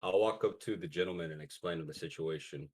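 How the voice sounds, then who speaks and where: A low-voiced man with a husky, breathy tone joking around during a tabletop game. He talks loudly and breaks into laughter often. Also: fast. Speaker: player. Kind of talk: casual tabletop game chat.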